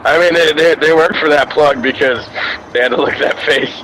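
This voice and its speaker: A man's voice: a little high, brisk, fairly bright tone, slight background noise, rough recording. A man co-hosting an uncensored radio show, making crude wisecracks and telling stories. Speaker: radio co-host. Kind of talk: uncensored casual radio chat.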